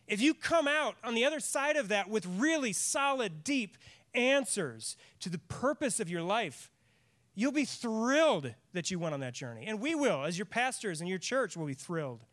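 A man preaching with earnest, emphatic drive, his voice sitting high for a man. He is a middle-aged pastor giving a church sermon, often repeating a line to press it home. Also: a bit bright. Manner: earnest, emphatic, laughs at times, repeats lines for stress. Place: church sanctuary.

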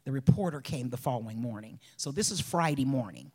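A woman, a bereaved mother, telling her personal testimony in an emotional way, often sinking to a soft whisper. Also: very deep voice, expressive, brisk, slightly rough. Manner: emotional, drops to soft whispers, breaks into laughs.

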